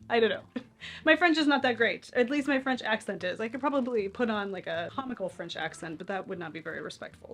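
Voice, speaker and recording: A woman's voice: fairly high pitch, a bit bright. A young woman hosting a knitting podcast, chatting casually and enthusiastically about her favorite patterns, now and then poking fun at herself. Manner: chatty, enthusiastic, self-deprecating.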